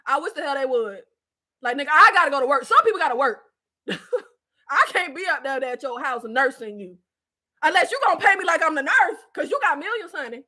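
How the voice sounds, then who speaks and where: A woman reviewing a TV series in a casual live chat, blunt and slangy, getting worked up, yelling and laughing at her own jokes. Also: sits high, expressive, a little fast. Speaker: show reviewer.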